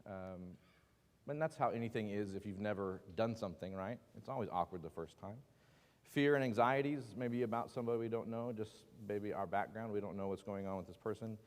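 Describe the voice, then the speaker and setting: A man's voice: on the low side, brisk. Joking man teaching a Bible class. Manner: conversational, joking, asks the class questions. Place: church classroom. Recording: long hall reverb.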